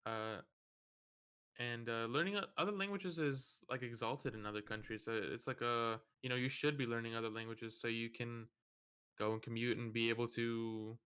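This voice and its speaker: A man's voice: medium pitch, fairly even intonation, normal speed, bright, forceful tone, clean tone. A young man co-hosting a podcast, laid-back and thoughtful in casual chat. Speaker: podcast co-host.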